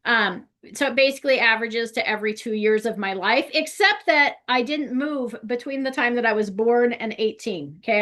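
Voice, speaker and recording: A woman from California gives a casual real estate training talk, chatty and conversational, often checking in with "right?". Her voice sits high and has a sharp tone.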